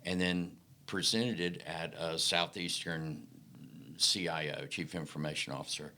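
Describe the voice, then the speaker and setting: A middle-aged man from the Delta, a podcast guest telling folksy, animated stories about his career. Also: deep voice, unhurried. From Mississippi Delta, American South. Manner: folksy, animated anecdotes with acted-out quotes. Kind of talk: casual storytelling interview.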